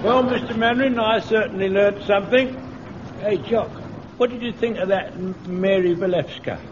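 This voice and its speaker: A man's voice: high-pitched, normal speed, close to an everyday voice. An actor playing a cheeky, jaunty young wide boy in an old radio comedy. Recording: muffled old radio recording with crowd noise.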